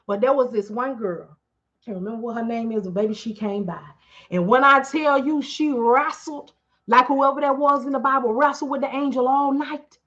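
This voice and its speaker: Woman, high bright voice, preachy testimony, lo-fi stream audio. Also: normal speed. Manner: preachy, emphatic, call-and-response asides. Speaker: business owner speaking to followers. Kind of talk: live-stream testimony to followers.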